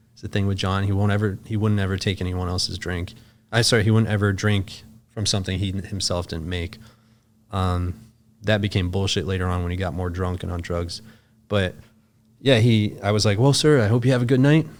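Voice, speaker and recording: Low-voiced man telling a story. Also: a little hiss or hum. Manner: loose and profane, full of "like" fillers. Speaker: podcast guest. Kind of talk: casual storytelling.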